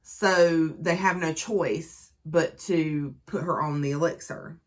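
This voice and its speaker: A woman with a somewhat low voice talks through a book review in a relaxed, chatty way. She recaps the story conversationally, leaning on easy fillers as she goes. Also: slow pace.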